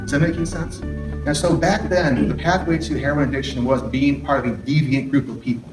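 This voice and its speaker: Recorded from afar in a roomy hall, a middle-aged therapist talks openly about addiction recovery, throwing questions at listeners and slipping in sarcastic comments. His voice is on the high side with fairly even intonation, a little fast, and there's music underneath.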